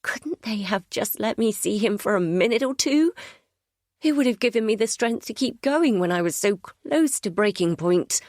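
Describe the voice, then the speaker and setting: A woman narrating a first-person thriller audiobook in a measured, introspective way. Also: mid-range voice, lively intonation, a little mellow, no echo, studio quality.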